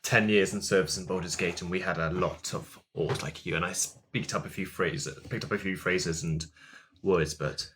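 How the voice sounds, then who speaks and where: A man playing a wary adventurer, low and hushed. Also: steady tone, normal speed, slight background noise. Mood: conspiratorial. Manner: hushed, conspiratorial, awkward. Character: wary male adventurer hiding a chicken.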